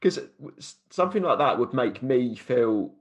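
A man's voice: mid-range voice, lively intonation, moderate pace. Thoughtful man hosting a podcast. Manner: thoughtful, talks openly about his anxiety. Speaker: podcast host. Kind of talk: casual interview chat.

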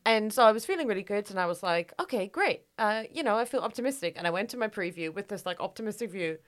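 A woman's voice: medium pitch, quick pace. Chatty woman podcast co-host. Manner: chatty, storytelling, self-deprecating. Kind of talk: casual chat.

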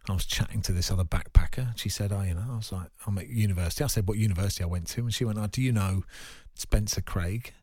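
A man's voice: fairly low pitch, fast, few pauses, darkish tone. A man co-hosting a radio show, chatting casually and sharing anecdotes. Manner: conversational, anecdotal.

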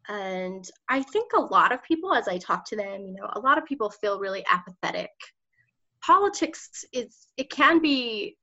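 A woman in her thirties running for office shares her story in an interview, speaking passionately and emotionally and frequently breaking into laughter. Her medium-pitched voice is bright and forceful, though the lo-fi recording sounds slightly dull.

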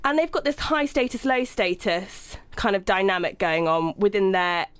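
A young woman hosting a film podcast, chatty and quick to laugh. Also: medium pitch, smooth, no room sound. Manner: bright, laughs often, chatty. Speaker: podcast host. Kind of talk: casual film discussion.

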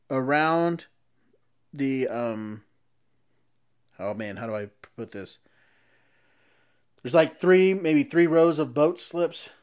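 A man's voice: fairly high pitch, clean tone. A man casually telling a long story, often restarting sentences as he explains.

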